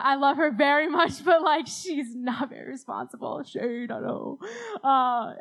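High-voiced giggly young woman. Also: low-quality recording. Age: young adult. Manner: giggly, rambling, self-deprecating. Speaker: speaker at a church youth talk. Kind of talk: casual storytelling talk.

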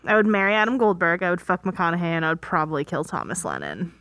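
A woman co-hosting a casual movie podcast, quick-witted and teasing with deadpan jokes. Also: on the low side, dry recording, clean studio sound. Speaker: podcast co-host.

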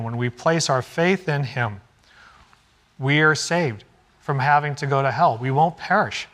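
A man's voice: fairly high pitch, fairly bright tone. A middle-aged man preaching a sermon, telling a story and acting out the dialogue. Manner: storytelling, acts out quoted dialogue. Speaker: pastor.

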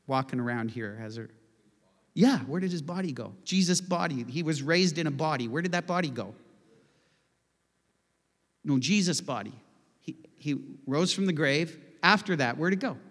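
Man, pastor, sermon, animated, call-and-response, wry asides, long hall reverb. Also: medium pitch. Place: church sanctuary.

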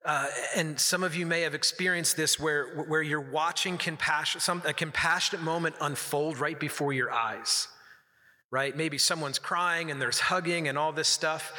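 A man's voice: fairly high pitch, normal speed, sharp tone. A man giving an earnest, conversational sermon, telling stories from the pulpit. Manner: earnest, conversational preaching with storytelling. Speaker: pastor. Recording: long hall reverb.

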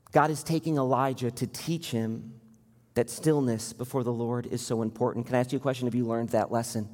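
A man's voice: mid-range voice, fairly even intonation, brisk, a little mellow, in a large hall. A man preaching a sermon as pastor, earnest and building to impassioned appeals.

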